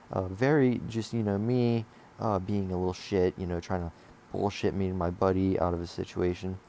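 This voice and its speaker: A man's voice: sits low, creaky, mellow, a little hiss or hum. A young man telling a casual storytime, rambling and swearing with lots of fillers and restarts. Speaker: vlogger telling a school story.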